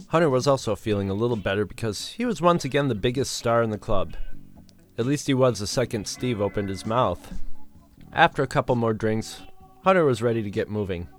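A man narrating a story as an audiobook, dry and matter-of-fact. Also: mid-range voice.

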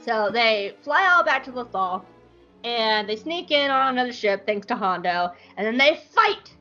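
A woman podcast co-host retelling a fan story in a casual, giggly, animated way. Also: fairly high pitch, normal speed, soft background music. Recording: dull lo-fi podcast audio.

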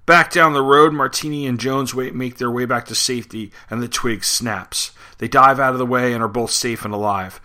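A male podcast host retells and reviews a war comic in a conversational way, with occasional fillers. His voice sits a bit low but has a bright, forceful edge. He sounds like he is talking straight to the listener. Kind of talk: comic book recap and review.

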